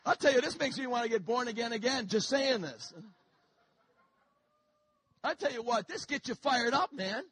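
A man preaching a sermon in church, alternating shouting and jokes with the congregation. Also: normal speed, long pauses. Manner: shouting, joking, high-energy preaching.

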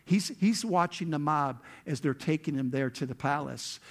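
A male pastor preaching a sermon, retelling a scripture story with lively acted-out quotes. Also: fairly high pitch, moderate pace. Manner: animated storytelling, acts out quotes with rising intensity.

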